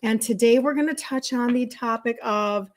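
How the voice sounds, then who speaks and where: A woman's voice: fairly high pitch, moderate pace. A middle-aged woman from Minnesota with a Minnesota accent, hosting a casual livestream, chatting with viewers and greeting them by name as a health coach. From Minnesota, USA.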